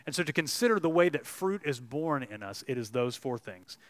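A man's voice: mid-range voice, animated, fairly quick, few pauses, no echo. A man preaching a sermon as a pastor, earnest and storytelling. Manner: earnest, storytelling delivery with some restarts.

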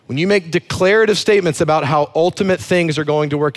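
A man's voice: on the high side, fast talker. A man preaching a sermon as a pastor, emphatic and fond of repeating words for effect.

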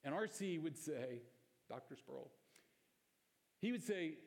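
A pastor preaches a sermon in a conversational, emphatic way, putting rhetorical questions to the congregation. His voice sits on the high side and is animated and slightly mellow, delivered slowly with vocal fry and long pauses. The long reverb of a church hall surrounds him.

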